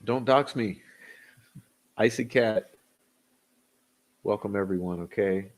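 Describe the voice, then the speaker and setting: A man's voice: fairly low pitch, takes it slowly. A man hosting a casual livestream, greeting viewers by name and rambling loosely with chuckles and fillers. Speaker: livestream host. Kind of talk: casual livestream chat, reading chat names.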